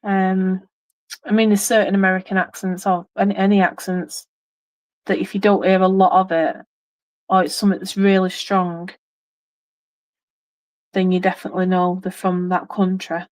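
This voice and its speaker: A woman's voice: medium pitch, level tone, normal speed, pauses often, dry recording, poor audio. English lady live streaming from home, lots of ums, dry close sound. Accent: English, mixed regional. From England. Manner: rambling, many ums and restarts. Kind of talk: casual live-stream chat.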